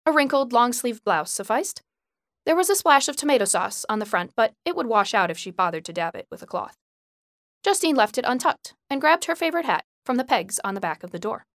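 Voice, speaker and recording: A woman reading a novel aloud in a measured storytelling voice, hushed in tense passages. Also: fairly high pitch, very animated, no echo, clean studio sound. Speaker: narrator. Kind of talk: scripted audiobook narration.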